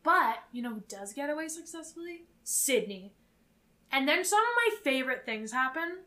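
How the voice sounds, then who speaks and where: Brief: young woman podcast co-host, fairly high and bright, animated and foul-mouthed. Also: normal speed. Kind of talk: casual chat recapping a film.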